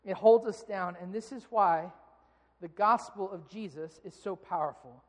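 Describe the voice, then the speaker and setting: A man's voice: high voice, moderate pace. Man preaching in a reverberant hall. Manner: earnest, builds to animated acted-out anger in stories. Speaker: pastor. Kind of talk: sermon. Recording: long reverb of a large hall.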